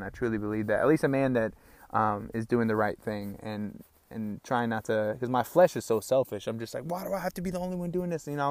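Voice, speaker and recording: A man's voice: mid-range voice, no echo. A young man hosting a solo podcast, talking in a loose, candid, rambling way and calling listeners "bro" and "man", a little out of breath. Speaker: podcast host. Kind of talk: casual solo podcast talk. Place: small outdoor hideout on rural land.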